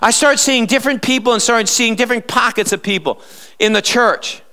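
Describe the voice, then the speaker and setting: Male pastor preaching live, smooth clear voice, pushy rhetorical questions. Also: extremely high pitch, fairly quick, bright, forceful tone. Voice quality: emphatic, with sarcastic rhetorical questions. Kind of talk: live sermon. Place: church.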